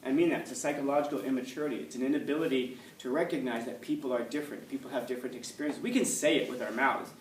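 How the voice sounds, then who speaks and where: A man's voice: medium pitch, very fast, hardly any pauses. A man teaching a class, blunt and forthright, who keeps throwing rhetorical questions at his students. He is picked up from some distance away in an echoey classroom. A faint hum runs under his voice. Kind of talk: classroom lecture.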